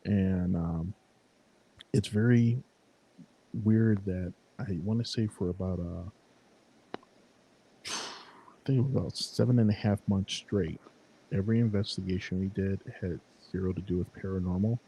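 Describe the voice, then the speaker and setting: Man, paranormal investigator, very deep voice, husky, relaxed rambling chat. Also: measured pace, long pauses, low-quality recording. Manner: relaxed, rambling, casual swearing. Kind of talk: casual chat.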